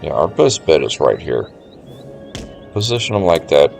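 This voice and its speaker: A man with a low, deep voice gives relaxed stream commentary over a strategy game. He thinks aloud and muses to his chat as he plans his moves. Quiet game music plays faintly underneath. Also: normal speed, creaky. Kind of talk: casual gameplay commentary.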